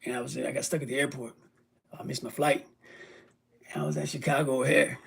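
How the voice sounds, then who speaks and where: A worn-out, ill vlogger talks casually and emotionally to his viewers, rambling and swearing freely. His gravelly, medium-pitched voice is fairly bright and fairly quick, with a flat delivery.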